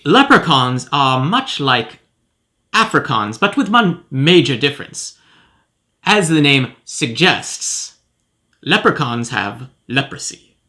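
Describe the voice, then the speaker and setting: A man's voice: medium pitch, big pitch swings, slow pace, bright, forceful tone, heavily acted. A man playing a pompous, self-important professor who hosts a comedic cereal review. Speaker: host. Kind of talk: comedic character monologue.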